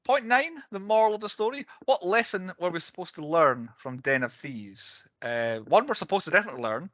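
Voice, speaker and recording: Brief: male podcast co-host, bright edgy tone, dry close sound, dull lo-fi audio. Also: high voice, expressive, brisk, no echo. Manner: chatty, laughs often, runs through categories. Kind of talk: casual film-review chat.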